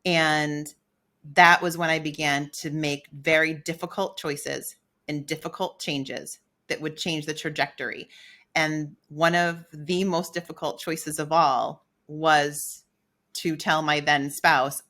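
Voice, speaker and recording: A middle-aged woman telling a personal story on a podcast. Her voice sits low and has a bright, forceful edge. She speaks candidly and acts out her own thoughts as she goes. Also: flat delivery, slow pace. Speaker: podcast co-host.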